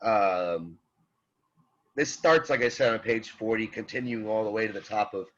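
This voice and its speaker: A man teaching an online philosophy class, talking in halting restarts and often checking in with "right?". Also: fairly low pitch, a bit bright, lo-fi sound. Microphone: computer mic on a video call.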